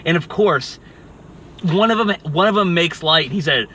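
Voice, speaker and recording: Bright, higher-voiced man chatting in a car. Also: animated, moderate pace, rough recording. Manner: rambling, restarts, wry and mocking. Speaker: podcast co-host. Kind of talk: casual movie review chat. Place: inside a car.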